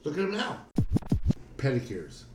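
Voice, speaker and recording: A man's voice: mid-range voice, wildly swooping pitch, measured pace, music in the background. A man co-hosting a casual podcast, loose and profane as he banters with friends. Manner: swears a lot, banters loosely. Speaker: podcast co-host. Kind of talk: casual chat. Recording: echoey room with faint noise.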